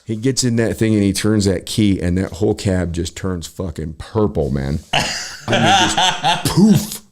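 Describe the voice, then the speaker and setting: Deep-voiced man spinning crude work stories. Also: expressive, measured pace. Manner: rambling, profane, chuckling. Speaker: podcast host. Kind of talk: casual storytelling.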